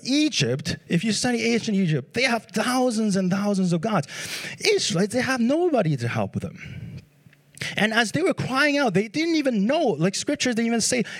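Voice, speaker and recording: A man preaching a sermon in an animated way, full of rhetorical questions. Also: high-pitched.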